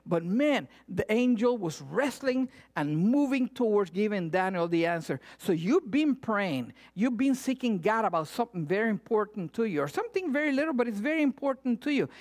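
A woman preaching a sermon, retelling scripture with animated asides and acted-out cries. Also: on the high side. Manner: animated, acts out voices and cries.

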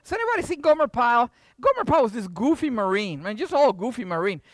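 Animated older preacher, dry close sound. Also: mid-range voice, fast talker, dry recording. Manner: animated, jumps from hushed to loud. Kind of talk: sermon.

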